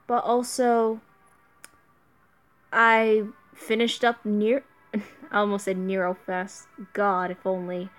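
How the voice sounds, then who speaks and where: A woman's voice: mid-range voice, flat delivery, slow pace, pauses often, soft background music. A young woman streaming a mobile game, chatting casually and answering her viewers. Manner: chatty, reads viewer chat aloud. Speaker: let's play streamer.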